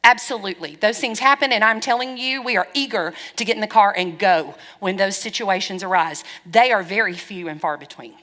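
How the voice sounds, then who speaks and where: A middle-aged woman pastor preaching a sermon, frank and lively, acting out bits of dialogue as she goes. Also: medium pitch, brisk, few pauses. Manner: lively, frank, wry storytelling with quoted dialogue. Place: church hall. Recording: long church-hall reverb.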